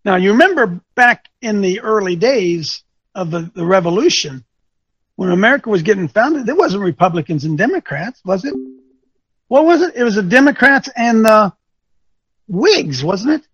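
Man, coach type, husky, animated lecturer who quizzes listeners, dull muffled recording. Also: sits high, normal speed, pauses often, no room sound. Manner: animated and teasing, quizzes listeners, thinks aloud. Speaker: coach speaking to an audience. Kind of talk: lecturing talk with rhetorical questions.

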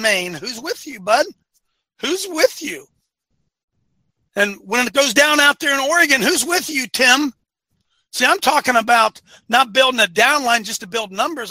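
Emphatic high-voiced man preaching. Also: vocal fry, no room sound, low-quality recording. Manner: emphatic, repeats phrases, swings from quiet to loud. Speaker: host of a men's ministry call-in show. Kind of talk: preaching-style monologue to listeners.

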